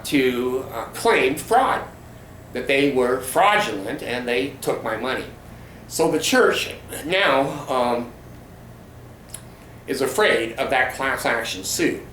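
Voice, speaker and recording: A man giving an angry, profane monologue about his church, speaking slowly and emphatically. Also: mid-range voice, animated, sharp tone, a little hiss or hum. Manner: indignant, profane, slow and emphatic. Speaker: former glazier ranting about his church. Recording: roomy echo with faint ambience.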